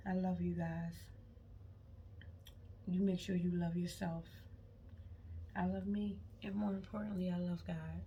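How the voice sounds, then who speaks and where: Gravelly emphatic woman vlogger. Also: fairly low pitch, level tone, unhurried, long pauses, warm tone, muffled recording, a little hiss or hum. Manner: emphatic, repeats words, prays aloud mid-talk. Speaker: faith vlogger. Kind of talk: spontaneous faith talk to viewers. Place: on vacation.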